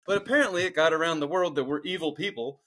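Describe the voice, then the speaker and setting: A man's voice: a little high, fast talker, pushed and bright. A middle-aged man from Philadelphia, co-hosting a podcast and telling a profane, ranting story in casual chat. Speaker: podcast co-host.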